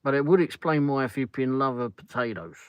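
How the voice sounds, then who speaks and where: A man's voice: mid-range voice, brisk, clear, resonant tone, no room sound, low-quality recording. A middle-aged English man hosting a casual livestream chat from a car on the drive home, rambling as he answers viewer comments. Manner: rambling, peppers talk with "flipping". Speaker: livestream host.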